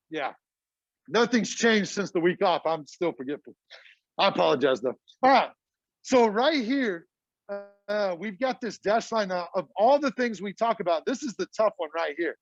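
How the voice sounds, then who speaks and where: Chatty high-voiced teacher. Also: male voice, animated, normal speed, dry recording, muffled recording. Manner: chatty, casual and talkative, addresses the class as y'all. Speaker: math teacher. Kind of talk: classroom teaching. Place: classroom.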